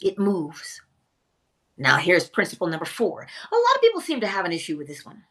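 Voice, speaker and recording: A woman teaching a spiritual lesson in a theatrical way, pausing often and dropping to a whisper for emphasis. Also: fairly low pitch, huge pitch swings, fairly bright tone.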